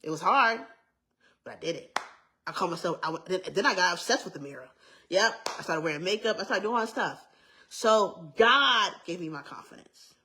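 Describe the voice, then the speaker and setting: A woman's voice: fairly low pitch, expressive, fairly quick, bright, forceful tone, a little hiss or hum. Young woman sharing her testimony, earnest, repeats herself a lot, chatty asides. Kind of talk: casual testimony.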